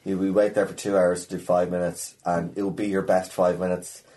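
An Irish man in his thirties tells stories in a casual chat. His voice sits low, and he swears freely as he talks. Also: a little fast. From Ireland. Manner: animated storyteller, swears freely. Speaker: comedian guest. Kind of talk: casual conversation.

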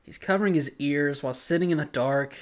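A man's voice: on the high side, fairly quick. A man co-hosting a podcast, chatting casually as he recaps an episode, joking, laughing often and poking fun at himself. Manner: jokey, laughs often, self-mocking. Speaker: podcast co-host.

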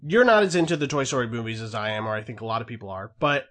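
A man's voice: medium pitch, lively intonation, very fast, a bit bright. Give me a man co-hosting a podcast, talking casually with many fillers and restarts. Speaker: podcast co-host. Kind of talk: casual chat.

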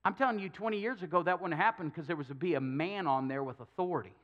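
A man's voice: a little high, quick pace, dull audio. A male pastor preaching a sermon, telling a Bible story with jokes and acted-out quotes. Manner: storytelling with humor, acting out quotes.

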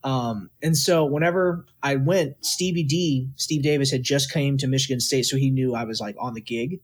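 A man's voice: medium pitch, moderate pace. A young man from Texas, a guest musician, telling stories casually in an interview and acting out what people said. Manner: animated, quotes people in lively voices.

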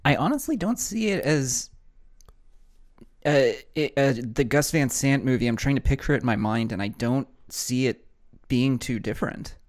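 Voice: medium pitch, moderate pace. A podcast co-host in casual film chat, making dry, skeptical quips.

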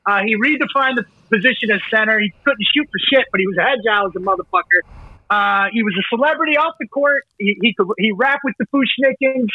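A man's voice: high voice, fast, no echo. A man co-hosting a casual podcast, speaking in laid-back, joking banter with hesitations. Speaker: podcast co-host. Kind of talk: casual chat. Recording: dull, muffled sound.

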